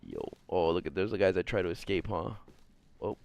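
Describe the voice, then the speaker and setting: A man's voice: low voice, wildly swooping pitch, fairly quick, vocal fry, darkish tone. A young man giving casual let's-play commentary as a gaming streamer, joking, swearing and chatting with his viewers.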